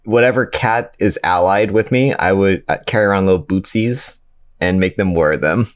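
A man's voice: low-pitched, normal speed, a little hiss or hum. A man co-hosting a podcast in casual chat, telling goofy stories in a playful way. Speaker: podcast co-host.

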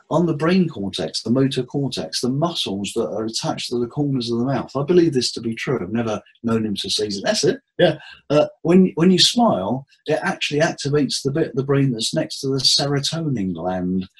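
A man, a therapist, giving tips in a relaxed interview with jokes and acted-out quotes. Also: mid-range voice, brisk, breathy edge, poor audio. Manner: jokey, anecdotal, acts out quotes. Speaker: therapist and hypnotherapist guest.

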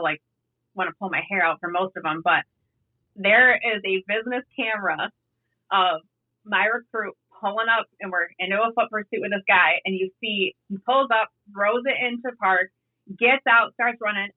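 Woman, 30s, easygoing officer guest, casual storyteller, phone-quality audio. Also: medium pitch. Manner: laid-back, storytelling, swears casually. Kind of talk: casual podcast chat. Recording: tinny phone line.

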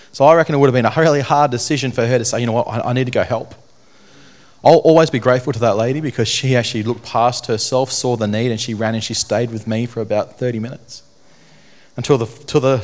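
Young man, earnest testimony speaker, halting and repetitive, mid-pitched voice. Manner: earnest, halting, repeats phrases. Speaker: speaker telling his testimony. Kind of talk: personal testimony talk to an audience.

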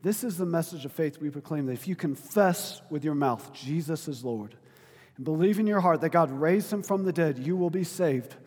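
A man preaching a sermon in a conversational, informal way, dropping to quiet reflection and then rising to loud, emphatic appeals. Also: fairly high pitch, normal speed, husky, in a large hall. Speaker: pastor.

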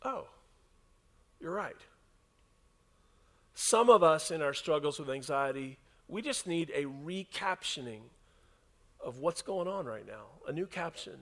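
A pastor delivering a casual, story-driven sermon to his church. His voice sits high for a man, and he shifts easily between lively telling and soft, hushed emphasis. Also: moderate pace. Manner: conversational preaching, dropping to a soft hush for emphasis. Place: church service with a congregation.

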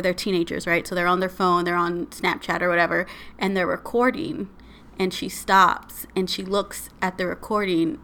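Woman podcast co-host, bright tone, flat delivery, chatty storyteller. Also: on the low side. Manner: retells eerie stories with many fillers. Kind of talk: casual storytelling chat.

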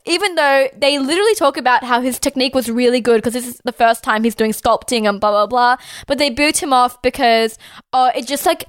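A woman's voice: high-pitched, a bit bright, smooth, no echo, clean studio sound. A young woman co-hosting a podcast, ranting in heated, sarcastic casual chat with lots of swearing. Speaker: podcast co-host.

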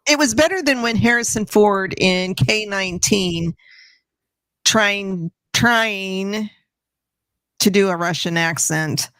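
Slow-talking co-host with wry asides. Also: mid-range voice, fairly bright tone, no echo. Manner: short wry interjections, laughs along. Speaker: podcast co-host reviewing TV episodes. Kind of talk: casual review chat.

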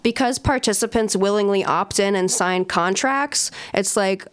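A woman's voice: medium pitch, measured pace, few pauses, clean tone. A woman hosting a casual podcast, telling a story in a conversational way with asides. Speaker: podcast host.

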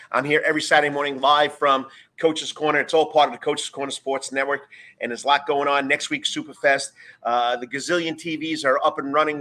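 Loud, bright-voiced New York sports host. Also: male voice, fairly high pitch. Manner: loud, upbeat, rambling with fillers. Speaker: radio sports show host. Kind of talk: live radio sports talk.

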